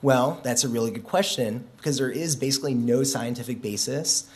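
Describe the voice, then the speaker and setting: A man's voice: mid-range voice, fairly quick. Joking, conversational male policy speaker. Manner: joking, self-deprecating, conversational. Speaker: conference speaker, policy director. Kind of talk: humorous conference speech. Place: conference venue.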